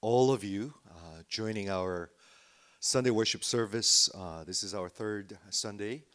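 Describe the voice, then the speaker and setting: A man preaching a Sunday sermon as pastor, earnest and deliberate, pausing often with "uh" and repeating words for emphasis. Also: on the low side, a bit bright. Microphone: remote livestream worship.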